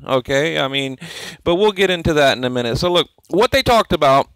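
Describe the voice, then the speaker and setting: Dude doing a boxing vlog rant, smooth clear voice, dry sound, keeps laughing. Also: male voice, fairly high pitch, a little fast, no echo, low-quality recording. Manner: animated, laughing, repeats himself, mimics others. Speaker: boxing channel host. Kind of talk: casual commentary vlog.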